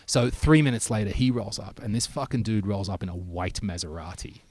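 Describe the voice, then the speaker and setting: A man's voice: on the low side, a little fast. A man, telling a long story in casual chat, swearing freely and acting out what people said. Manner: animated storyteller, swears freely, acts out quotes.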